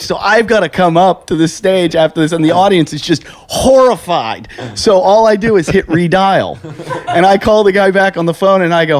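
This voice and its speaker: A man's voice: high-pitched, moderate pace. A man, a podcast host, telling a rowdy comedy-club story in casual chat and acting out the people in it. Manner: animated, acts out quoted voices.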